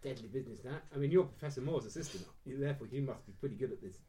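A man narrating a tabletop game as game master, relaxed, with frequent ums and laughs. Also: medium pitch, rapid-fire, slight background noise.

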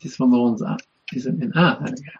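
A man's voice: medium pitch, quick pace, vocal fry, breathy edge. A man playing a tabletop game, chatting through his character's actions step by step. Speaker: player. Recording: dull lo-fi mic.

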